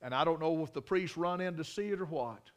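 A man's voice: fairly high pitch, a little fast. Man preaching with dramatic swings. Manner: dramatic preaching, swinging from soft asides to loud declarations. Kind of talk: sermon.

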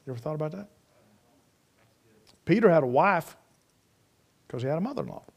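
A man preaching a sermon, swinging from loud ringing peaks to low, quiet storytelling. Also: lively intonation, fairly quick, creaky, dull audio.

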